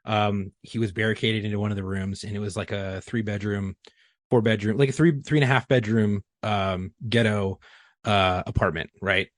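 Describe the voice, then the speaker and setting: A man's voice: fairly low pitch, fairly even intonation, moderate pace, no room sound, clean studio sound. A man, a former police chief, telling a rambling, profane story on a podcast. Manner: profane, rambling anecdote with many fillers. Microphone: studio podcast mic.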